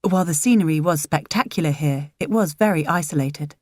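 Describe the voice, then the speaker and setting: A woman reading a novel aloud in a measured, even way. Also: low-pitched, no echo, clean studio sound. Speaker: narrator. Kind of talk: audiobook narration.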